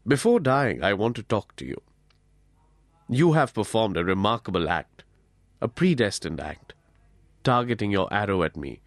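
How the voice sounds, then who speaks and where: A man's voice: fairly low pitch, sing-song, no echo, studio quality. Krishna, a man voicing a serene soothing god. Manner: gentle, soothing, measured. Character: serene, soothing divine lord, calm man. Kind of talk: audiobook character voice.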